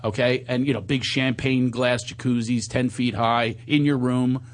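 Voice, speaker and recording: A man hosting a radio talk show as a comedian, telling stories in a casual way and jumping into higher voices for his impressions. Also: moderate pace. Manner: animated storyteller who jumps up in pitch for impressions.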